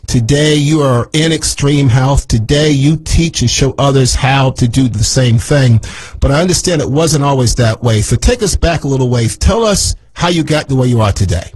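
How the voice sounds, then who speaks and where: A man hosting a radio talk show, emphatic and repeating his phrases like a sales pitch. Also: lively intonation, normal speed, a little mellow, slightly rough, low-quality recording.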